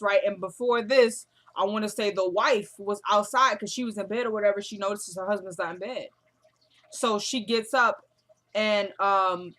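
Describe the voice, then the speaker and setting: A woman's voice: mid-range voice, a bit bright. A woman casually recapping a TV episode, chatty and slangy, briefly acting out the characters' lines. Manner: chatty, acts out characters' lines in quick paraphrase; slangy, fillers like "you feel me". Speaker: TV show recapper.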